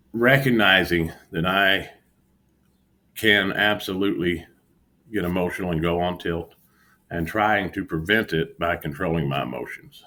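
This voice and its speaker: A man's voice: deep voice, sharp tone. A man talking candidly about his trading setbacks in an earnest, self-critical vlog monologue from home. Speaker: futures day trader vlogger. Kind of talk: candid reflective monologue to camera. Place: home room with an exercise bike.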